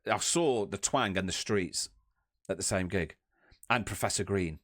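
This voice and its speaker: A man's voice: low voice, a little slow, a bit bright, no room sound, clean studio sound. A young man chatting enthusiastically on a podcast, rambling and restarting his sentences. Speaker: podcast co-host. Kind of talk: casual chat.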